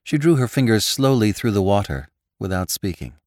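Deep-voiced man narrating classic fiction. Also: no echo, studio quality. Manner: measured, expressive storytelling. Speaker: podcast narrator.

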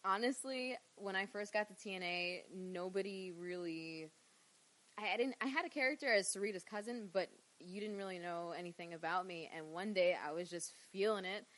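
A woman's voice: medium pitch, normal speed, poor audio. A woman in her thirties from Queens with a New York accent, telling stories as a guest in a casual podcast interview, chatty and full of fillers. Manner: chatty, animated storyteller, many fillers. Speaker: interview guest, professional wrestler.

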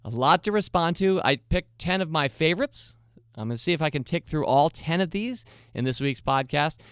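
A man's voice: on the high side, lively intonation, normal speed, clean tone, no room sound, studio quality. A man from the United States hosting his investing podcast, talking through listener questions in a conversational, upbeat way with the odd light laugh. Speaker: podcast host. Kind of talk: casual solo podcast talk.

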